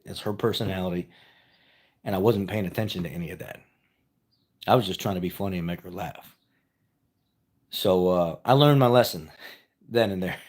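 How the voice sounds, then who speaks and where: A man telling a personal story in a casual, rambling way, repeating himself and chuckling as he goes. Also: on the low side. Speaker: vlogger.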